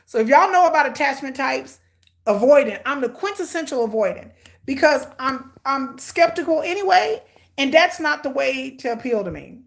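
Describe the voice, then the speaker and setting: A middle-aged woman giving blunt, sarcastic, animated commentary on a reality show she is watching. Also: sits high, moderate pace, vocal fry. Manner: hyperactive and energetic. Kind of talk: casual live watch-along commentary.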